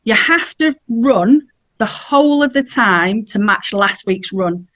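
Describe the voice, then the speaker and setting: A woman's voice: medium pitch, animated, slow, a bit bright. A middle-aged woman, telling a personal story in a chatty way as a podcast guest and laughing now and then. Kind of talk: casual storytelling.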